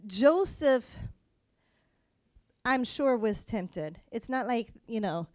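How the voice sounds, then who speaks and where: A woman with a high voice preaches a sermon. She is animated and acts out voices, swinging between soft asides and loud emphasis. The sound is dry and close. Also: slow pace, no room sound.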